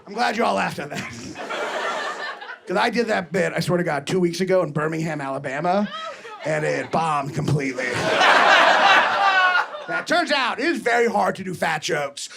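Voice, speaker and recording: A male stand-up comedian tells stories on stage in a high, gravelly voice, with punchy, exaggerated asides. He speaks into a handheld mic, and a loud live crowd laughs behind him. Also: lively intonation, moderate pace, long pauses, heavy background noise.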